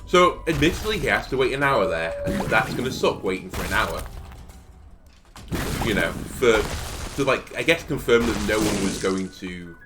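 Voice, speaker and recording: A man's voice: fairly low pitch, lively intonation, normal speed, music in the background. A young man telling a rambling story, full of fillers, while he comments on his game. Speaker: gaming video host. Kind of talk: casual commentary while playing.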